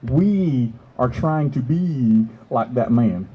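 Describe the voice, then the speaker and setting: A man's voice: takes it slowly, a little hiss or hum. Guy hyped up telling a bigfoot-style story to a crowd, voice jumps all over, kinda muffled recording. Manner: excitable, laughing, leaps to high exclamations. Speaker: festival speaker. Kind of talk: animated storytelling to a live audience. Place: outdoor festival.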